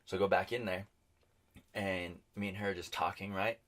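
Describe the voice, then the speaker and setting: A man's voice: low voice, normal speed. A man co-hosting a podcast, telling a bar fight story in casual chat, swearing and acting out what people said. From New Mexico, US. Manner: animated, swearing, acts out quotes. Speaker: podcast co-host.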